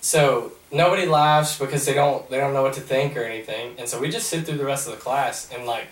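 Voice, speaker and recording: A young man on a podcast, retelling a story in a rambling, animated way. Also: medium pitch, a little fast. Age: young adult. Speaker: podcast host. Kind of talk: casual storytelling. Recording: roomy, mic at a distance.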